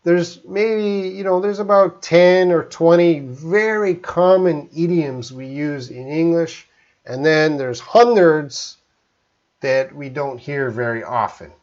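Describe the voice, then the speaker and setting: A man from Canada, an English teacher, answering viewer questions in a live-stream lesson, talking slowly and choosing his words carefully. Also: on the high side, darkish tone, lo-fi sound. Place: home in Korea, live stream.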